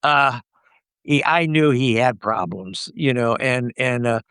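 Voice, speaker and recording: A man's voice: mid-range voice, slow, a bit bright, clear, resonant tone, no echo, clean studio sound. Older man rambling through anecdotes. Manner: rambling anecdotes with many "you know"s and restarts. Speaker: guest, actor. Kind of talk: casual interview storytelling.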